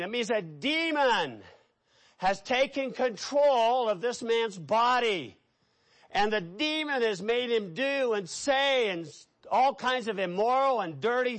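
A middle-aged man preaching a sermon, telling stories with lively, animated delivery. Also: very high voice. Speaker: pastor.

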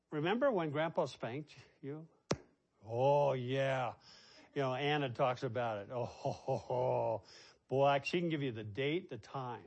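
An older man, a pastor, preaching a sermon and telling a family story in a conversational way. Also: a little high.

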